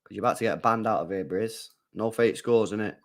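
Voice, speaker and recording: Young man, live football reaction, slangy, mumbles then bursts out swearing. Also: brisk. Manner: slangy, swings from low mumbling to loud swearing outbursts. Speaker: football watchalong streamer. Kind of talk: live match reaction commentary.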